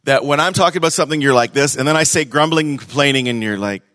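A man preaching a sermon to a church congregation, conversational and animated, swinging between loud emphasis and hushed moments. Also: medium pitch, fast, no echo. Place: church service.

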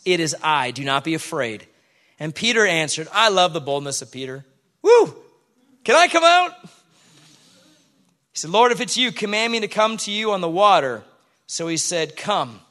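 A man preaching to his church, reading scripture aloud and acting out the people in the story with lively commentary. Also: sits high. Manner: animated, acts out the people in the Bible story. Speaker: pastor.

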